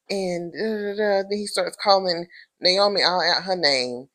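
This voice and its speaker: A sassy woman talking through a TV episode in a casual recap, calling the listener honey and girl. Her voice sits fairly low but has a bright, forceful edge. She keeps it animated and jumps up into high-pitched takes on the characters. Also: normal speed. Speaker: TV episode reviewer.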